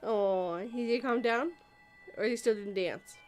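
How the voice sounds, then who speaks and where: A woman hosting a casual live-stream chat, animated and quick to laugh. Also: fairly high pitch, faint music behind. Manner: animated, laughs often, acts out quotes.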